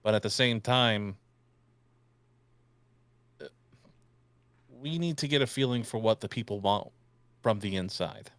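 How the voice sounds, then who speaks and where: Guy in a voice-call tabletop game, lowish dry voice, rambly and crude with a put-on new york accent. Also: measured pace, pauses often, fairly bright tone, no echo. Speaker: player. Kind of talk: in-character tabletop role-play.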